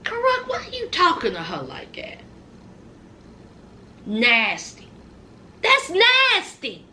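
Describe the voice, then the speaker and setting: Speaking slowly in a very high, pushed, bright voice with huge pitch swings, a woman recaps a reality show over slight background noise. Her chat is slangy and sassy, aimed directly at the cast and at viewers she addresses as y'all.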